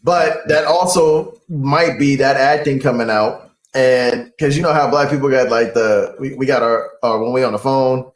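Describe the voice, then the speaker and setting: A man co-hosting a casual podcast, slangy and emphatic, laughing often. His voice sits at an ordinary middle pitch. The room around him is echoey. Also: steady tone, moderate pace, few pauses. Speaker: podcast co-host. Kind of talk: casual chat.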